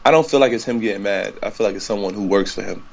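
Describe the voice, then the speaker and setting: A man's voice: fairly low pitch, rapid-fire, gravelly, muffled recording. A young man co-hosting a podcast, talking in a laid-back, slangy, casual way. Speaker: podcast co-host. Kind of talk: casual chat.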